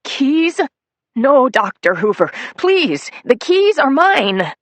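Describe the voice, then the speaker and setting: A narrator voicing a small, volatile middle-aged man who talks in a peculiar high-pitched whine. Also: big pitch swings, a little slow, no echo, full character voice. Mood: pleading whine.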